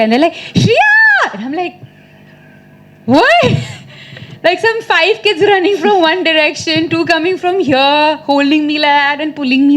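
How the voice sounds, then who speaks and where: A woman's voice: high-pitched, slight background noise. Chatty woman answering at a press meet. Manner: chatty, laughs often, teasing. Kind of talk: casual answers at a press conference.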